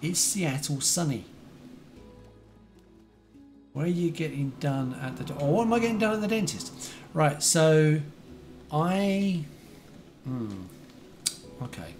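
A man's voice: fairly high pitch, sing-song, takes it slowly, long pauses, darkish tone, faint music behind. Chatty British man streaming a game. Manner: chatty, talks to chat viewers, remembers their details. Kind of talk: casual live-stream gameplay chat.

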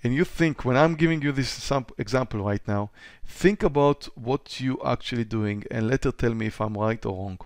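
Smooth-voiced man teaching trading webinar. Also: mid-range voice, normal speed, hardly any pauses, no room sound, clean studio sound. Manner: acts out a trader's racing thoughts with rising excitement; repeats phrases, direct to the audience. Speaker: trading instructor. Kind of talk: live webinar lesson.

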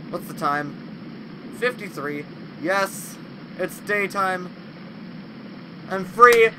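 A man playing a horror game on video, who talks to it and shouts at the monsters in a high voice that leaps all over the place. He mostly speaks slowly and draws out his words. A steady noise sits under the recording. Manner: loud, excitable, yelling insults at game monsters. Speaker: gaming video host. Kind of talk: let's play commentary.

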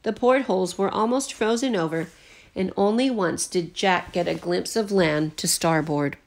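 Teacher reading a chapter book aloud to her class, expressive storytelling. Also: fairly low pitch, normal speed, vocal fry. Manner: expressive, lightly voices the characters. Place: at home.

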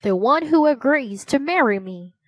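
A woman voicing a clever, polite young male frog in a storybook, speaking calmly and matter-of-factly. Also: high-pitched, moderate pace, no echo, pitched above the performer's own voice.

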